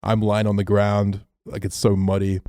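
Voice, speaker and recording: A man's voice: on the low side, moderate pace, no echo, clean studio sound. A young man on a podcast, telling a story casually and swearing often. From Australia. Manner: animated storyteller, swears a lot. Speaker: podcast co-host.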